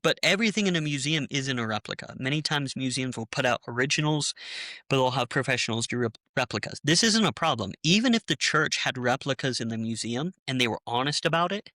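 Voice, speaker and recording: A young man recounts his break from a church with heated, animated energy, slipping into the voices of the people he quotes. His tone is bright and forceful. The recording is close and dry, with no room sound. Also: mid-range voice, brisk, no room sound. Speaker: former church member telling his story. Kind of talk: personal testimony in a conversation.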